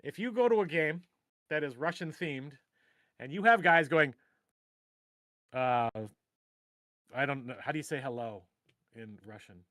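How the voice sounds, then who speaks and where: A man's voice: fairly high pitch, unhurried, long pauses, fairly bright tone, no room sound, clean studio sound. A middle-aged man hosting a casual live stream, rambling and joking at his own expense. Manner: rambling, joking, self-deprecating. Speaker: host.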